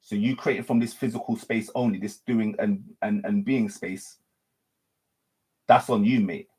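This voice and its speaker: Guy teaching spiritual stuff off the cuff, kinda raspy voice, keeps circling back and fixing his words. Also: lowish voice, steady tone, unhurried, dark tone. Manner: repetitive, circling phrasing with frequent self-corrections. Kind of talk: unscripted spiritual monologue.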